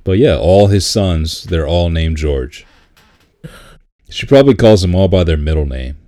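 A man in casual chat, laid-back and laughing often, repeating words when he gets excited. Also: deep voice, measured pace.

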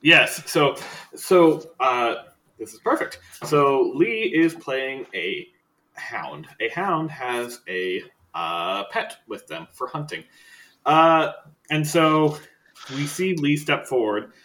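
A man's voice: on the high side, big pitch swings, slow pace, pushed and bright, slight background noise. A man narrating as game master in a tabletop game. He talks loosely and laughs often.

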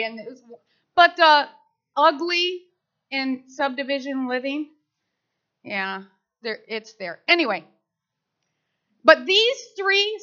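High bright-voiced woman preaching. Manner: animated storytelling, acting out quoted voices. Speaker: speaker at church service. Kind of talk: sermon with personal stories. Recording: slightly dull lo-fi sound.

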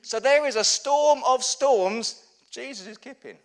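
A man preaching a sermon as pastor, telling stories with humor, swinging from loud bursts to hushed lows. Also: a little slow.

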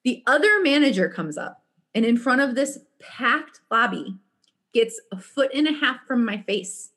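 A woman telling a story in casual chat, animated and laughing often, with frequent restarts. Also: a little high, measured pace.

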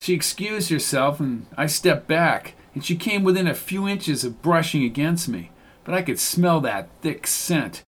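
Man narrator, wry hard-boiled telling, a bit higher than most. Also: animated, measured pace, slightly rough. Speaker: audiobook narrator. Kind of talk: first-person audiobook narration.

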